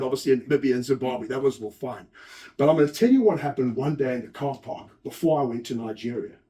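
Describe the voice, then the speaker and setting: A man giving a lively conference talk, telling anecdotes, acting out quoted lines and chatting with the audience. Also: medium pitch. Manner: animated storyteller, acts out quotes, chats with audience. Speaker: host and speaker.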